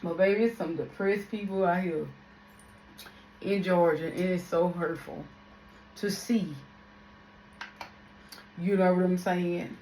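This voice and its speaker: A woman's voice: on the low side, steady tone, takes it slowly, long pauses, warm tone, echoey room, a little hiss or hum. A young woman from Louisiana, chatting casually to her viewers in a slangy, laughing vlog. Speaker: makeup artist vlogger.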